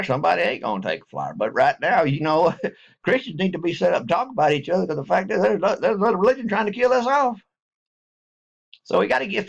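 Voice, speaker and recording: Man, gravelly folksy talker, rambles through an apology to viewers, dull home recording. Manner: folksy, wanders off and restarts, swings from low mumbles to high laughing excitement. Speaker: online video maker.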